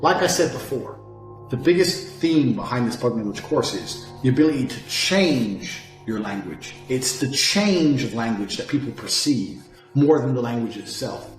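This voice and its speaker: A man giving a brash, boastful, profanity-filled monologue course on dating and communication, swinging between loud outbursts and low, quiet asides. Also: animated, moderate pace, roomy sound, faint music behind, rough recording. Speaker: self-styled dating and communication coach.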